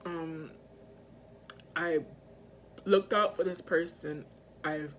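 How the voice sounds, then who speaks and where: A woman's voice: low voice, fairly even intonation, extremely slow, a little hiss or hum. A woman filming a personal video update, talking in an earnest, emotional way that rambles and halts, full of fillers and restarts. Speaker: vlogger. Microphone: self-filmed camera mic.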